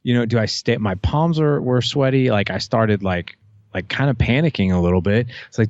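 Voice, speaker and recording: A man's voice: medium pitch, moderate pace, a little mellow, dry recording, dull audio. A man in his thirties, a podcast guest, telling a personal story casually and candidly, full of restarts and "like", with some swearing. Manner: casual, profane, retells dialogue with many "like"s and restarts.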